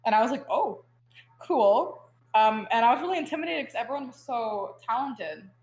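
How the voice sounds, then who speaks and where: A woman's voice: fairly high pitch, expressive, fast talker. A young adult woman, a podcast guest, telling stories in a chatty, casual way, full of filler words. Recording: roomy echo.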